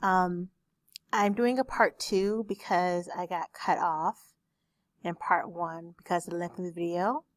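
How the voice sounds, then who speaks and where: A woman speech teacher recording a lecture for her class on a desktop microphone, explaining terms slowly with examples. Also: on the low side, fairly even intonation, no echo. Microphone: desktop USB microphone.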